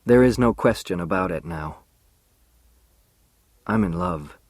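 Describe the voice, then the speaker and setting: A man's voice: sits low, expressive, measured pace, dry recording. A man reading an audiobook in the first person, with an earnest and emotional delivery. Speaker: audiobook narrator.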